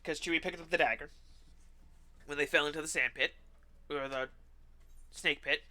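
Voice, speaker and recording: A man streaming while he plays a game, ranting in an animated, sarcastic way and swearing now and then. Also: a little high, normal speed. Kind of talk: ranting commentary while gaming.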